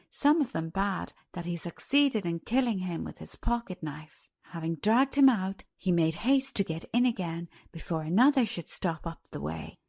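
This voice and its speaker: A woman narrating a classic fairy tale audiobook in an expressive storytelling manner. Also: medium pitch.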